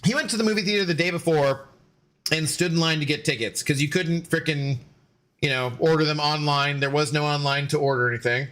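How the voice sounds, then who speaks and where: A man's voice: fairly high pitch, a little fast, a bit bright. A man in his forties streaming a game and rambling through stories in casual chat, loose with fillers and swearing.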